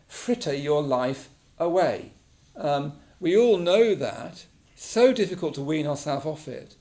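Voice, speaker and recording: A man from England, his voice a little high and a little mellow, teaches a mindfulness class in a meditation room. He keeps it casual and conversational, checking in with the group through frequent "yeah?"s.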